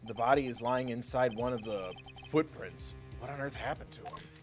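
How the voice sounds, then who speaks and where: A man voicing a composed adult male prosecutor in a measured, dry delivery. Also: medium pitch, soft background music, close to an everyday voice.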